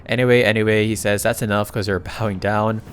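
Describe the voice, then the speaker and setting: A man narrating a comic recap in a casual, chatty way, breaking in with excited asides. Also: fairly low pitch, a little fast, slight background noise.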